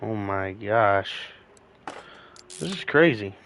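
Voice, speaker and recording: A sleepy man in the middle of a gaming session, muttering along as he works and now and then speaking to his viewers. He talks slowly and unhurriedly, with a faint hum of room ambience behind him. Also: fairly low pitch, lively intonation, gravelly, fairly bright tone. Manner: rambling, talking to himself while working. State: sleepy, yawning. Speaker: gaming streamer. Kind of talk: casual game commentary.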